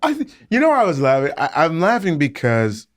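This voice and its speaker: A man's voice: on the high side, huge pitch swings, brisk, no echo, studio quality. A man co-hosting a podcast, chatting casually and animatedly, often laughing as he asks questions. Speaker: podcast co-host.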